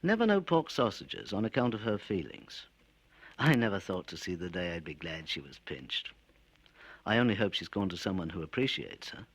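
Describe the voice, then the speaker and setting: A man's voice: low voice, sing-song, moderate pace, breathy edge, no room sound, exaggerated voice. A man voicing Fred, a grieving rustic showman with plain country speech, on an old spoken-word record. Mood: contented.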